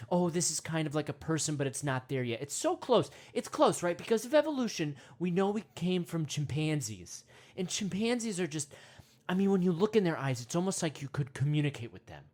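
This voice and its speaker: A woman playing an excitable male self-help podcast host who rambles, repeats himself and trails off mid-thought. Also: on the low side, a little fast. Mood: worked up. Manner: rambling, repeats words, trails off, grunts monkey noises. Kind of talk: comedic parody meditation podcast.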